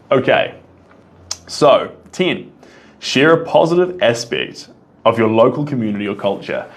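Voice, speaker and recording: A man with a New Zealand accent, an artist answering viewer questions in a casual live Q&A, reading questions out and replying off the cuff. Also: lowish voice.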